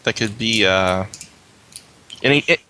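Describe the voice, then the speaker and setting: A man speaks in character as a player in a tabletop game. His voice is bright and forward. He talks slowly and hesitantly, picking his words as he goes. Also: lowish voice.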